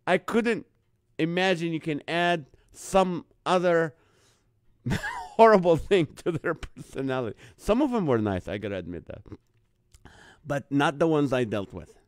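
A man from the Middle East, hosting a live online show, delivers a comic story a little slowly and pauses often. His voice is on the high side, and he acts out others' lines in an animated, jumped-up voice. The studio sound is clean, with no room sound.

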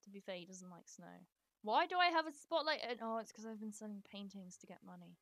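A woman casually commenting while she streams a life-sim game, chatty and sweary, talking to her characters and breaking into excited squeals. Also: medium pitch, fast talker, no room sound. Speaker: live streamer.

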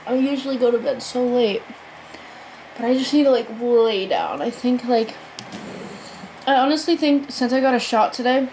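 A woman's voice: fairly high pitch, expressive, moderate pace, pauses often, a little mellow, slight background noise, low-quality recording. A teenage girl vlogging at home on her phone camera, exhausted and rambling with lots of fillers. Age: teens. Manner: rambling, tired, filler-heavy talk. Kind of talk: casual vlog chat.

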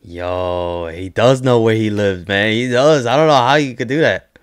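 A young man hosting a casual reaction video, excitable and swearing, full of "yo" exclamations and laughter. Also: lowish voice, normal speed, smooth.

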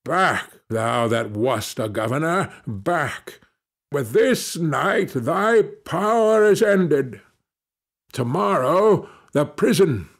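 A man's voice: a little high, lively intonation, takes it slowly, gravelly, heavily acted. A man voicing an aged, ghostly Puritan champion who speaks with solemn, stern command in archaic words. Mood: stern prophetic.

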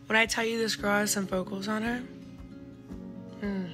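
A woman's voice: mid-range voice, steady tone, moderate pace, music in the background. A woman vlogging casually to her viewers, chatty and slipping into gushing baby talk with a puppy, at home and out on a farm. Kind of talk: casual vlog chat.

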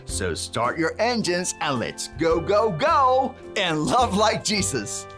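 A woman's voice: fairly low pitch, sing-song, slow pace, fairly bright tone, soft background music, heavily acted. A woman playing a cheerful handyman who teaches a children's Bible lesson, cheering and tossing in Spanish words.

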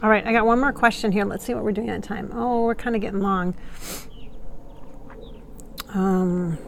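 A woman's voice: mid-range voice, steady tone, normal speed, creaky, slight background noise. A woman working as a psychic medium, chatting casually to camera and reading out viewer comments in a rambling, laugh-prone way. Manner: chatty and rambling, many fillers, laughs often. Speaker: psychic medium channeling a spirit.

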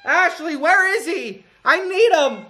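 Man, gambling streamer, pleading chants, sudden shouting, faint music behind. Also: extremely high pitch, lively intonation, takes it slowly. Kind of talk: excited live casino commentary.

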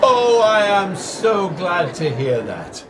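A man's voice: sits high, very animated, slow, crowd noise, noisy background. An older man hosting his flight simulator videos, chatting in a cheerful, jokey way straight to his viewers. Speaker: flight sim video host. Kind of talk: casual chat to camera.

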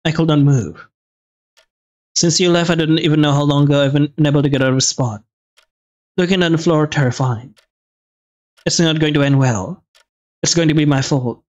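A man's voice: a little high, fast, darkish tone, lo-fi sound. Man reading a game's text aloud. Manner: reads the game text aloud, stumbling and restarting words. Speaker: let's play gamer. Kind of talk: reading a visual novel aloud with commentary.

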